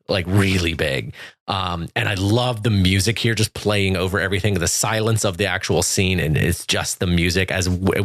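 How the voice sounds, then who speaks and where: A man in a casual movie-discussion podcast, animated and swearing, who laughs often. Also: deep voice, no room sound, studio quality. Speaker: podcast co-host or guest.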